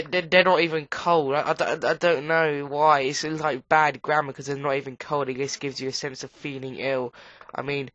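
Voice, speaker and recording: A woman with a cold gives rambling casual commentary while playing a game, breaking into sudden high squeals. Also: a bit bright, no room sound. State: has a cold. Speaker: gamer. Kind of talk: casual let's play commentary. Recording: dull lo-fi recording.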